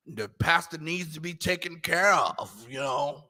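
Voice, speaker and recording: A man talking casually in a scripture class, animated and mocking, acting out the voices he quotes. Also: fairly high pitch, unhurried, hardly any pauses, big-room sound. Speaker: class teacher.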